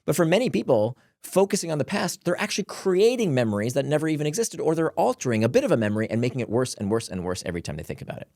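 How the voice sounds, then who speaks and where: A man, a guest author, explaining his ideas in casual conversation, animated and laughing between points. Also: a little high, very fast, few pauses, no echo.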